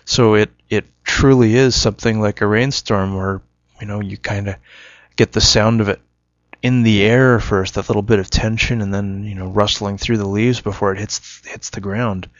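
A man with a lowish voice spins a casual, meandering story and then muses aloud, stopping to correct his own words. The recording is dry and a little dull, like a home setup with no room sound. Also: steady tone, normal speed, dry recording. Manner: rambling, self-correcting, musing.

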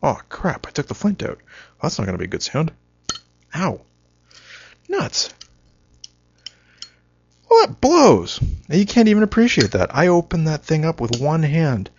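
A man's voice: on the high side, sing-song, normal speed, slightly rough, dry recording. A man giving a rambling, self-mocking solo monologue, wry and punchy, on a dull lo-fi recording.

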